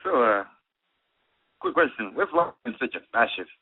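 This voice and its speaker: Male phone caller, confrontational and halting; thin dry line. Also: mid-range voice, big pitch swings, vocal fry, no room sound, narrow, tinny audio. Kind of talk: phone call to a talk show.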